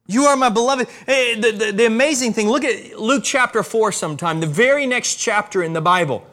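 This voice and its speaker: A man preaching a sermon as a pastor, with emphatic rises and slow, stressed repetitions. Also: high voice, pushed and bright.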